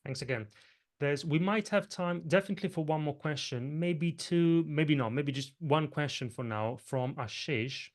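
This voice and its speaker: A man's voice: fairly high pitch, moderate pace. A man hosting an online session, reading out audience questions and hesitating as he repeats words, on a video call mic. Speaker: host and moderator.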